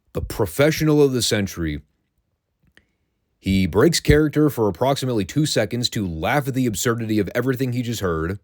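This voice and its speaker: Recorded close-up in a dead, dry room free of echo, a deep-voiced man hosts a relaxed podcast. He looks back on past events with sardonic humor and profanity, his low voice a little mellow.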